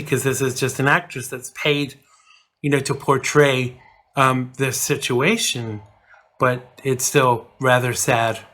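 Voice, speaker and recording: A man talks casually straight to camera as a vlog host. His voice is bright and forward, with a middling pitch. He rambles, trails off, and fills pauses with ums and uhs. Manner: chatty, rambling, with many fillers and restarts.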